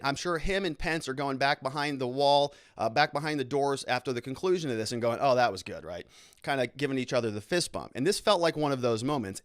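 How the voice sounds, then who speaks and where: A man's voice: medium pitch, no room sound, clean studio sound. Chatty amused man hosting a legal show. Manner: chatty, amused, talks to the viewer directly. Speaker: lawyer and show host. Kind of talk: casual legal commentary.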